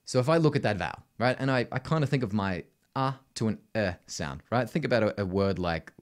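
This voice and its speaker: A man's voice: fairly low pitch, animated, a little fast. A man with an Australian accent, a vocal coach explaining technique in casual talk, often tagging his sentences with "right?". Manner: conversational, constant "right?" tags, sings demonstrations.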